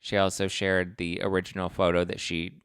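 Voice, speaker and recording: Animated ranting male podcast host. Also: low-pitched, normal speed, smooth, dry recording, clean studio sound. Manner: animated ranting, comic put-on quotes. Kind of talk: casual chat.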